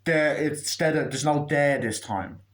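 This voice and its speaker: A man's voice: fairly high pitch, moderate pace. Profane ranting man reviewing a movie. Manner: blunt, profane ranting with many restarts. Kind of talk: casual spoken review.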